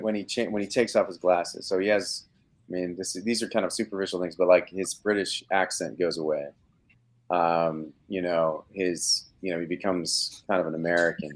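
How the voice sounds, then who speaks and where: A man in his thirties, an actor talking from home on a video call, rambling with lots of fillers and restarts. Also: sits low. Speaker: actor guest. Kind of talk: casual live interview chat.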